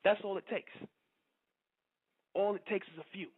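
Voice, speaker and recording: A man hosting a radio broadcast, preaching to his listeners in a forceful, emphatic monologue and often stopping to ask "you understand?". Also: high voice, steady tone, moderate pace, husky. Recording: narrow phone-like radio audio.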